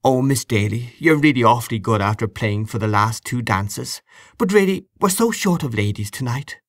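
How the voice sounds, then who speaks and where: A man voicing a brisk, polite young woman pairing up dance partners. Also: medium pitch, animated, no room sound, clean studio sound, close to an everyday voice. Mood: bustling. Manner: bustling, polite.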